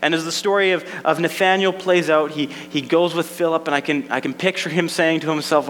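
A man's voice: on the high side, fairly even intonation, a little fast, hardly any pauses, fairly bright tone, soft background music. A man preaching a sermon, talking to the room in an easy way, often repeating words and adding asides. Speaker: pastor. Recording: echoey hall with faint mains hum.

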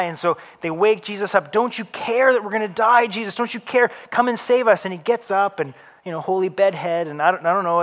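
A man preaching a sermon, slow and deliberate, with casual asides, rising to loud urgent peaks and dropping to soft hushed lines. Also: on the high side. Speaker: pastor.

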